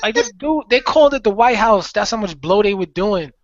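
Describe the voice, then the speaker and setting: A man's voice: sits high, animated, brisk, dry recording. A young man co-hosting a podcast in casual chat, emphatic and slangy as he gives his opinions. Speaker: podcast co-host. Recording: dry dull lo-fi podcast audio.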